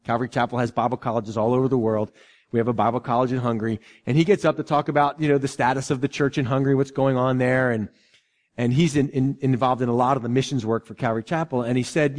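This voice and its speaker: A man preaching a sermon as pastor of a church, in a lively, conversational way, often restarting and repeating himself. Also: medium pitch, fast talker, long reverb tail.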